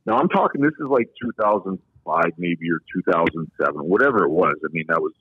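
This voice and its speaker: A man's voice: low-pitched, expressive, quick pace, husky, dry recording. A man in his forties, a podcast guest, telling long candid stories from his playing career in a casual, rambling way. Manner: long-winded, candid storyteller. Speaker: podcast guest, former pro hockey player. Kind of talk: casual anecdotal storytelling. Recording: thin phone-line sound, dry.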